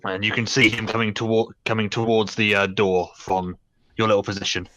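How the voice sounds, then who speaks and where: A young man narrating as game master in a tabletop game, talking haltingly with many fillers. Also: lowish voice, level tone, a bit bright, a little hiss or hum.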